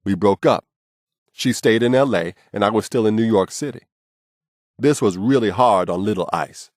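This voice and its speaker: Male memoir narrator, low register, street-blunt and unfiltered, dry booth sound. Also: lively intonation, normal speed, darkish tone, no room sound. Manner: blunt, casual and profane storytelling.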